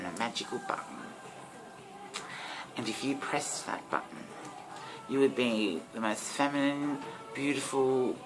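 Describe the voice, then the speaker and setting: An Australian woman talking candidly in a casual personal vlog, chatty and quick to laugh. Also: very deep voice, rough recording. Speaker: vlogger. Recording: clear background music. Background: music.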